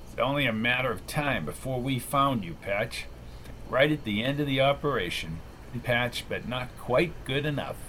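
A man voicing a smirking, menacing government operative with a low, sneering, cold delivery. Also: expressive, normal speed, bright, forceful tone, slight background noise, low-quality recording.

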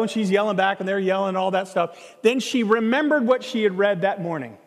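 A man preaching a sermon, telling a story in a conversational, animated way and acting out the dialogue. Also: high voice, a little fast, few pauses. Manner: animated, acts out quoted dialogue, conversational asides. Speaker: pastor. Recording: long hall reverb.

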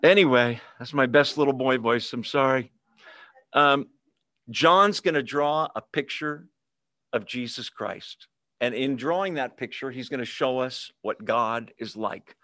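A man's voice: mid-range voice, a little slow, pushed and bright, no echo, studio quality. Chatty man teaching a Bible study. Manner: conversational, with fillers and humorous asides. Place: online video meeting.

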